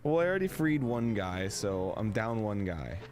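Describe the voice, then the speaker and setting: A man's voice: lowish voice, sing-song, moderate pace. Goofy man in gameplay banter. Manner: goofy, ironic, swears a lot. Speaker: let's play co-host.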